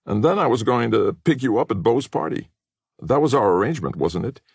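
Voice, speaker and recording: A man voicing a brisk, guarded male agent who stays controlled under pressure. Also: mid-range voice, expressive, vocal fry, breathy edge, no room sound, studio quality, voice pushed up.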